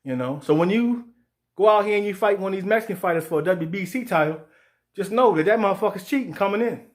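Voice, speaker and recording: A fired-up man rants about boxing, swearing freely. His voice sits high for a man. He keeps slipping into mocking put-on voices for the people he quotes. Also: fast talker. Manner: profane, animated, acts out quoted voices. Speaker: sports show host. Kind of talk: heated boxing commentary rant.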